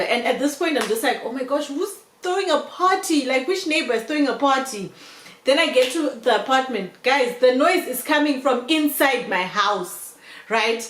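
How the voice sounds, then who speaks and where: A young woman vlogger telling a storytime tale in an animated way, often calling her viewers "guys". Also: on the high side. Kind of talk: storytime vlog. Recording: roomy echo.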